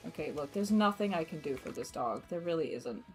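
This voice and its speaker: A young woman with an Australian accent chatting casually while streaming a game, laughing often and filling pauses with ums and likes. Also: low voice, animated, soft background music. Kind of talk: casual gameplay commentary.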